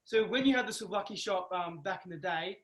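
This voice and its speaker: A man's voice: sits high, a little fast, a crowd in the background. A man hosting a casual interview and eagerly asking questions. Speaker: interviewer, show host. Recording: roomy echo.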